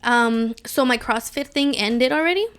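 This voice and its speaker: Giggly young woman, slightly higher voice. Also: normal speed, fairly bright tone, clean tone. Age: young adult. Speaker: podcast co-host. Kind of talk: casual chat.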